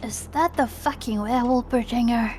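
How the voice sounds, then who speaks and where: A woman's voice: fairly high pitch, moderate pace, darkish tone, soft background music. A woman playing in an online tabletop game who jokes and teases the game master. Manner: joking, playful teasing. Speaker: player. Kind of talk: casual chat over a tabletop game.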